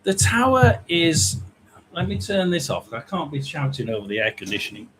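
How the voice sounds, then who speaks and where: A middle-aged man with a slightly high voice hosting a casual livestream chat, rambling and greeting viewers by name as he talks. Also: sing-song, normal speed, fairly bright tone, slight background noise, rough recording. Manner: rambling, chatty, reads out viewer names. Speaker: psychic livestream host.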